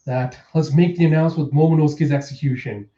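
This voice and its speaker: A man's voice: on the high side, quick pace, dark tone, reverberant, muffled recording, natural voice. A man voicing a huge, menacing male pirate overlord while reading a comic aloud, close to his own voice. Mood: commanding.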